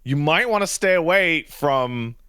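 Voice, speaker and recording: A man co-hosting a podcast, casually telling animated stories and throwing joking insults. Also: a little high, unhurried, clean tone, dry recording, clean studio sound. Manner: animated storytelling, jokey insults. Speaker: podcast co-host. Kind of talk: casual chat.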